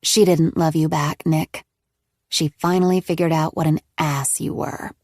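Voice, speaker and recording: A woman voicing a scheming, manipulative woman who speaks low and measured in an audiobook. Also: steady tone, darkish tone, dry recording, clean studio sound. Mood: cold. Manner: low, measured, coolly defiant.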